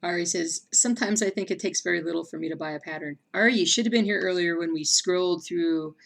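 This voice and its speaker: A woman hosting a casual livestream chat, reading viewer comments aloud between bursts of excitement. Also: on the low side, fast, creaky. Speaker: stream host.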